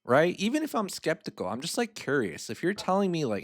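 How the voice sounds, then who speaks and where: A man's voice: on the high side, big pitch swings, brisk, few pauses, dry recording, studio quality. A man hosting a personal finance channel, talking casually with lots of asides while he walks through a spreadsheet. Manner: chatty and informal, lots of fillers and asides. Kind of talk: casual explainer.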